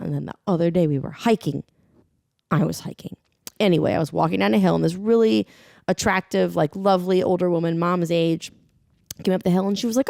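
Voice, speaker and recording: A young adult woman with a low, gravelly voice spins a rambling story on a podcast, blunt and quick to laugh. The sound is dry and close, with no room around it. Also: fairly even intonation, warm tone, no room sound. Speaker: podcast co-host. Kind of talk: casual chat.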